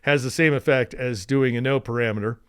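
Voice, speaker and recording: A man hosting a screen-share software tutorial, chatty and enthusiastic, with asides and restarts. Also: mid-range voice, steady tone, brisk, clean tone, no echo, studio quality.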